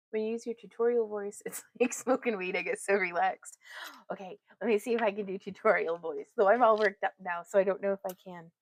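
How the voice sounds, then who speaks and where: A woman's voice: medium pitch, fairly quick. A woman hosting a craft live stream, chatting and laughing with her viewers while she demonstrates her weaving work. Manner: chatty, giggly, talks to chat viewers.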